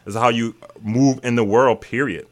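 A male radio host teaching the Bible in an excitable, casual preaching style, breaking into hallelujahs and everyday slang. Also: mid-range voice, moderate pace. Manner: excitable, exclaims hallelujah, talks back to the text; casual and colloquial, drops into vernacular.

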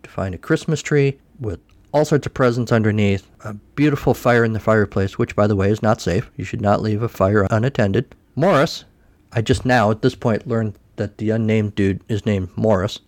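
A man's voice: lowish voice, moderate pace, a little mellow, no echo. A man hosting a podcast, recapping a cartoon special in a casual way with wry, sarcastic asides. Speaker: podcast host.

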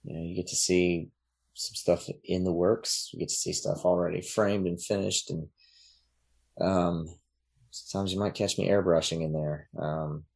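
A man talking as a podcast guest in casual chat, relaxed and rambling, with many fillers and restarts. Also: low voice, normal speed, gravelly.

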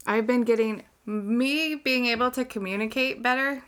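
A woman's voice: on the high side, moderate pace, a bit bright. A woman in casual chat, speaking candidly about her own feelings and anger.

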